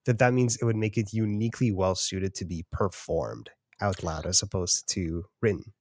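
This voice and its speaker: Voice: low voice, normal speed. A podcast host in casual chat, asking curious follow-up questions and reacting readily.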